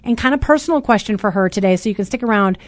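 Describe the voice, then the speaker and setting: A loud, chatty woman hosting a casual talk radio show from a studio. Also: mid-range voice, very fast, no room sound. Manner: loud and chatty, says so herself.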